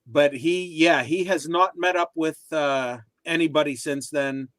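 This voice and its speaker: A man co-hosting a relaxed live chat show, with a slightly high voice. He speaks in a dry, close sound with no room echo, trading wry remarks with the others. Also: unhurried. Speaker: co-host.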